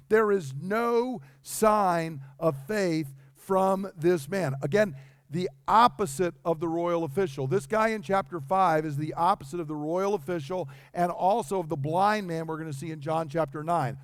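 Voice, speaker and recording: A man's voice: sits high, normal speed, no echo, clean studio sound. A man preaching a sermon in a conversational way, acting out the dialogue he quotes. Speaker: pastor.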